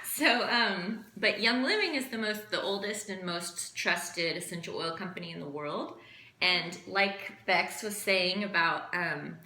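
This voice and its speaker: Woman, bright forceful voice, lowish pitch, casual class teacher, roomy echo. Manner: chatty, filler-heavy, laughing asides. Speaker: essential oil class teacher. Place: room with background noise.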